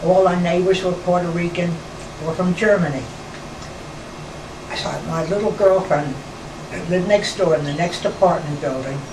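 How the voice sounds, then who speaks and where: A woman in her nineties from New York, reminiscing slowly in a rambling conversation with pauses and restarts. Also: fairly low pitch, fairly even intonation. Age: 90s. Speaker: interviewee, former nightclub performer. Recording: roomy, distant mic, air-conditioner hum.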